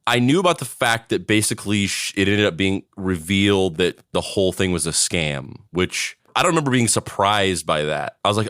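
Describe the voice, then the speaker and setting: A man's voice: on the low side, expressive, a little fast, few pauses, fairly bright tone, no echo, clean studio sound. A man co-hosting a podcast, chatting casually and rambling a bit. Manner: rambling, loose conversational delivery. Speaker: podcast co-host. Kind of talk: casual chat.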